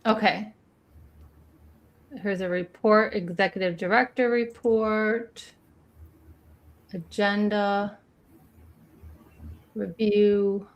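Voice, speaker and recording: A woman's voice: medium pitch, steady tone, very slow, long pauses. A woman hosting a casual livestream, chatting with guests, laughing often and reading documents aloud. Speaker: livestream host.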